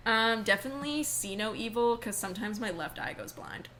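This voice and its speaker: A woman's voice: on the high side, lively intonation, brisk, fairly bright tone, a little hiss or hum, rough recording. A young woman in her twenties, co-hosting a podcast in casual, chatty, slangy talk. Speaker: podcast co-host. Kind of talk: casual chat.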